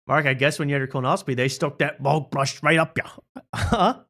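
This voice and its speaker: A man's voice: medium pitch, level tone, fast talker, fairly bright tone. A man hosting a casual late-night show, mocking and joking. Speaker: host.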